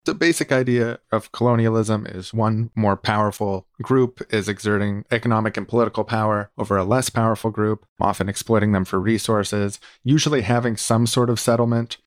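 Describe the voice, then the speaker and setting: Podcast cohost guy, kinda low voice, earnest explainer vibe, dry close sound. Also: steady tone, fairly quick, hardly any pauses, no room sound. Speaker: podcast co-host. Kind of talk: casual podcast chat.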